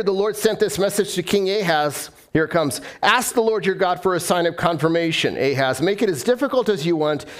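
A male pastor preaching a sermon in church, animated and retelling scripture in lively voices. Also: fairly high pitch.

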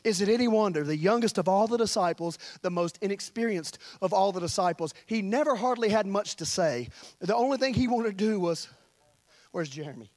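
A man's voice: high voice, lively intonation, a little fast, a little mellow. A man preaching a sermon as pastor, in an impassioned, colloquial style.

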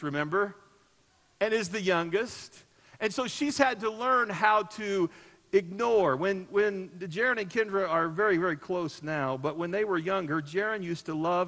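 A middle-aged man preaches to his church in a high, bright voice. He tells stories, leaning hard on key words and then dropping to soft, low asides. The sound carries a long echo through a large hall. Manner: storytelling, swings from loud emphasis to soft low asides. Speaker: pastor. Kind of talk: sermon.

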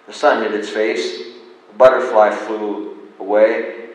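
Preacher in a very echoey sanctuary. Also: male voice, lowish voice, fairly even intonation, slow. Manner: dramatic, shifts between loud and soft. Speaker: pastor. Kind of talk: sermon with storytelling. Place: church sanctuary. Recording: echoey hall, distant mic.

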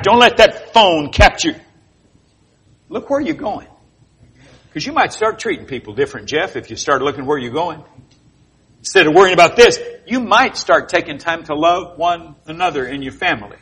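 A man preaching a sermon, telling animated, jokey stories with sound effects. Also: a little high, husky. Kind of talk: sermon with storytelling.

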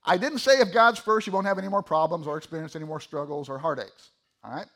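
A high-pitched middle-aged man preaching from the pulpit. His delivery is animated, jumping from loud emphasis to murmured asides as he reads and explains scripture. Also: quick pace. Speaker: pastor. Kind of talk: sermon.

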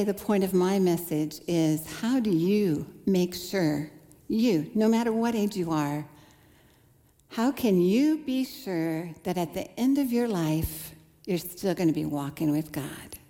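A woman's voice: medium pitch, mellow. A woman in her forties giving an earnest testimony sermon, acting out her own past thoughts as she tells the story. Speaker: speaker. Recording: long hall reverb.

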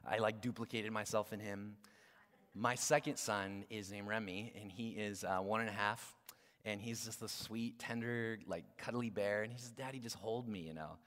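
A man in his thirties, a guest pastor preaching a sermon in a casual, conversational way that swings between loud emphasis and hushed, near-whispered moments. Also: fairly low pitch, steady tone, normal speed. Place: church hall. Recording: long reverb of a large hall.

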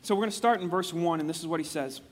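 Male pastor, high-pitched, conversational sermon, long hall reverb. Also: very fast. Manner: animated, chatty, acts out quotes with frequent restarts.

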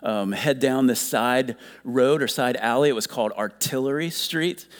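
A man's voice: mid-range voice, normal speed. A man preaching a sermon, retelling a story and quoting it with rising fervor. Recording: reverberant hall with soft guitar.

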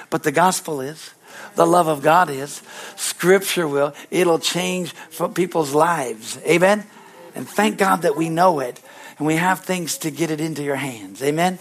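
A middle-aged man preaching a sermon as pastor, rising to loud bursts and calling out "Amen?" to the congregation, also speaking to children. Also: on the high side, moderate pace.

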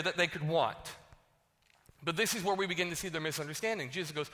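A man's voice: fairly high pitch, fast talker, sharp tone, in a large hall. A man preaching a sermon, reading scripture and then retelling it casually, acting out the voices of the people he quotes. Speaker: pastor.

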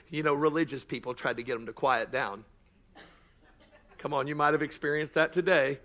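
A man preaching a sermon as pastor, swinging from shouted, drawn-out lines to quiet joking asides. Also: fairly high pitch.

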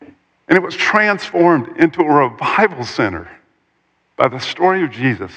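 A man preaching a sermon, retelling a story with animated, dramatic delivery and pauses. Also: a little high, husky, long reverb tail.

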